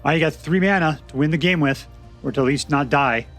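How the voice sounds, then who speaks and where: A man's voice: on the high side, brisk, fairly bright tone, soft background music. A man giving casual, joking commentary to himself as he plays a card game. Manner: chatty, joking, talks to himself while playing. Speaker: gameplay commentator.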